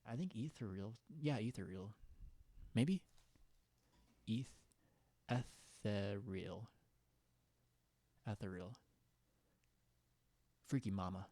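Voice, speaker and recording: A young man chats on a casual livestream in a low, mellow voice. He rambles and giggles as he reads viewer comments. The sound is close and dry, with no room around it. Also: expressive, slow, long pauses, no room sound. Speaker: livestream host.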